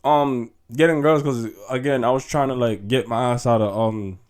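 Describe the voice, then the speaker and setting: A man's voice: mid-range voice, fairly even intonation, normal speed, darkish tone, smooth. A young man, hosting a podcast as a casual, chatty monologue. He laughs often and peppers his talk with "yo" and "like". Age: young adult. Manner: laid-back, chatty, laughs often, says "yo" and "like". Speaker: podcast host.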